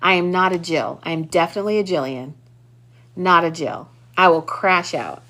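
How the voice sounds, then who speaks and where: A young adult woman hosting a live class, chatting playfully and teasing viewers in a casual, animated way. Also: on the low side, moderate pace. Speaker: class host.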